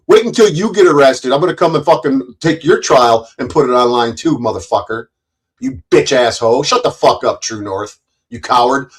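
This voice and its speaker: Profane, confrontational male streamer ranting. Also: medium pitch. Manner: profane, confrontational, stumbles and repeats words. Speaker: livestream commentator. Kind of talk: angry ranting commentary. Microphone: streaming mic.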